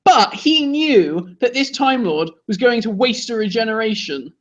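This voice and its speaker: A man co-hosting a casual review chat, animated and indignant, laughing often. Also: very high voice, unhurried. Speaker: co-host. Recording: dull lo-fi recording.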